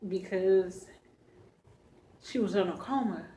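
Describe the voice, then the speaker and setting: A woman's voice: mid-range voice, slow, dark tone, a little hiss or hum. A woman casually telling a personal story to her viewers, talking to them directly as y'all with lots of fillers. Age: adult with a child. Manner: chatty, addresses viewers as y'all, many fillers.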